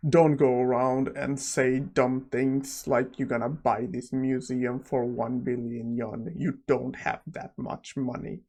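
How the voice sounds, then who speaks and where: A man's voice: mid-range voice, level tone, takes it slowly, creaky, few pauses, a little mellow. A man voicing an arrogant rich rival who blusters and threatens. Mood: scornful.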